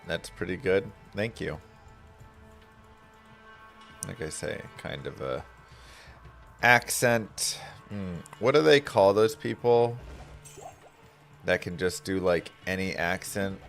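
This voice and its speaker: A man's voice: deep voice, vocal fry, a bit bright, faint music behind. A man streaming a game, chatting casually and dryly as he reads viewer messages and muses aloud. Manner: dry, unhurried, musing aloud.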